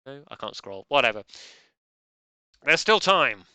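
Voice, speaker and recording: A man's voice: mid-range voice, very animated, measured pace, bright, forceful tone, clean tone, no room sound. A man hosting a live online quiz, joking drily and rambling. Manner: dry, rambling, self-deprecating jokes. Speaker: quiz host.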